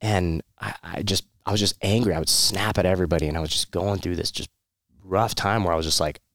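A man's voice: low-pitched, steady tone, fast talker, fairly bright tone, no echo. A man, a military veteran, telling his personal story in a candid, rambling way, with many fillers, restarts and short laughs.

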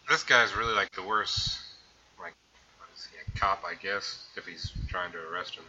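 A man's voice: sits low, moderate pace, sharp tone, dull audio, a little hiss or hum. A man in casual movie chat, dryly correcting and teasing his co-host. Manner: dry, contrarian quips and corrections.

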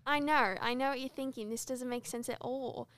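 A woman's voice: sits high, steady tone, normal speed, a bit bright, dry recording. A teenage girl putting on an Australian accent for a playful podcast persona, chatting about Disney. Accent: Australian (put on). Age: teens. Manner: playful, chatty, mock-serious. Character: put-on Australian version of herself, a Disney-loving teen girl.

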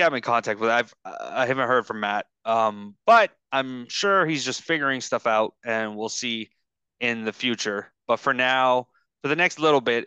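A podcast host chatting casually over a video call, rambling and halting with lots of fillers. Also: male voice, lowish voice, bright, forceful tone, clear, resonant tone, dry recording. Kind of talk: casual chat.

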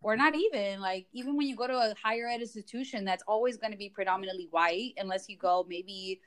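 A woman guest on a podcast, talking in a relaxed, chatty way, full of fillers. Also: mid-range voice, fast. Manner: relaxed, chatty, lots of likes and you-knows. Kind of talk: casual podcast chat.

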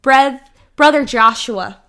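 A young adult woman, a podcast co-host, in casual chat, retelling a film plot in an animated way, swearing freely and acting out quotes. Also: sits high, slow pace.

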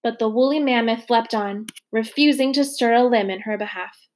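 A woman's voice: a little high, normal speed. Woman reading a novel aloud. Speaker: reader.

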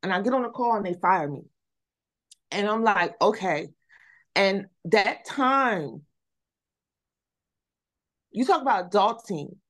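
A woman guest on a podcast, telling her story in casual chat with animated energy, repeating words and saying "y'all". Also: mid-range voice, measured pace, pauses often.

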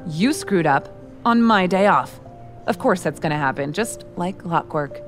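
A woman's voice: lowish voice, expressive, measured pace, music in the background. A woman voicing a curt, cool-headed male record producer who gives clipped orders. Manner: blunt, clipped, commanding.

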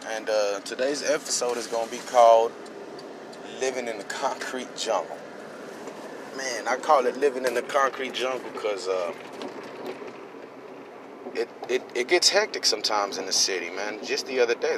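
A man's voice: lowish voice, noisy background. A man, telling a story on his podcast in a rambling, heated way with street slang. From Houston, Texas. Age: 30s. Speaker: podcast host. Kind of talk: casual storytelling monologue.

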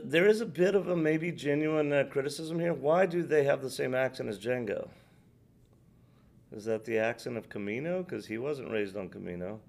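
A man's voice: mid-range voice, creaky, darkish tone. A middle-aged American man co-hosting a podcast, talking casually with lots of fillers and tangents. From United States. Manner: rambling, tangent-prone, filler-heavy. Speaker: podcast co-host. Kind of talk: casual chat.

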